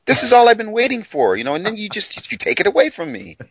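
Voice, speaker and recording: Lively, excitable man with a dry sound. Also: sits high, quick pace, husky, no echo, rough recording. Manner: enthusiastic, animated, laughs often. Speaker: co-presenter. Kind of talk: radio Bible discussion.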